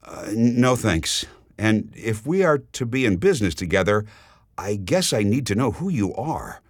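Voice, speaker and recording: A man's voice: fairly low pitch, big pitch swings, normal speed, dry recording, studio quality, pitched above the performer's own voice. A man voicing a guarded, skeptical businessman who has been taken captive, answering tersely. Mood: wary.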